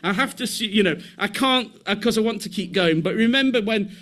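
A man preaching a sermon with animated delivery, restarting phrases and acting out quoted voices. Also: sits high, fairly quick.

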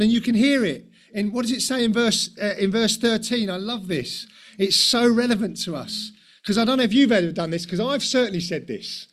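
A man with a high, light voice preaches a conversational sermon. He leans on rhetorical questions and tag questions and slips in self-deprecating asides. He sounds middle-aged. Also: expressive, moderate pace.

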